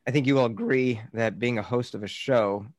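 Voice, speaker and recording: A man's voice: medium pitch, fairly quick, no room sound. Host, man, easygoing interviewer on a dry-sounding call line. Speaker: show host. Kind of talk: casual chat over a video call.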